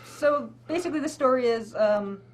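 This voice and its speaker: A woman's voice: high-pitched, moderate pace. A woman co-hosting a casual podcast, chatty and sarcastic, laughing often. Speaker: co-host. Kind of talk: casual chat. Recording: faint background noise.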